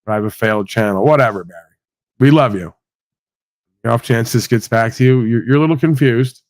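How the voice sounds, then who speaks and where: A man's voice: medium pitch, fairly quick, no room sound. A man hosting a livestream, ranting casually with blunt, sweary sarcasm. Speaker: livestream host.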